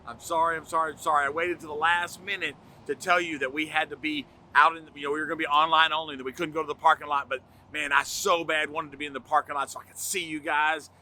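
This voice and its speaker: Folksy pastor man, enthusiastic announcements, bright tense voice, a bit higher than most. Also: little pitch movement, fast talker, few pauses. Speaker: pastor giving church announcements. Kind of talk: casual church announcements video.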